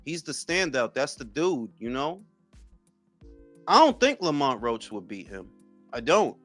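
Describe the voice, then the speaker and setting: A man's voice: medium pitch, sing-song, measured pace, fairly bright tone, soft background music. A man in his forties hosting a boxing talk livestream, chatting casually with viewers in loose, profane, joking banter. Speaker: boxing talk show host.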